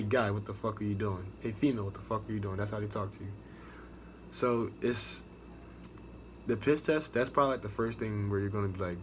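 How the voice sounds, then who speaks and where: A young man with an American accent talks straight to the camera, swearing freely and doubling back on himself as he tells his story. His voice sits a little low, and a faint hiss of noise runs under it. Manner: profane, rambling, restarts a lot. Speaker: navy recruit sharing experience. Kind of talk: casual storytelling vlog.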